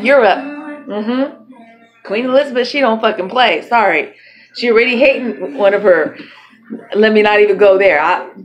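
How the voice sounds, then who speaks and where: In casual talk to camera, a woman vlogger rambles and swears freely. Her voice is a little high with a fairly bright tone. The audio is poor, and music plays behind her.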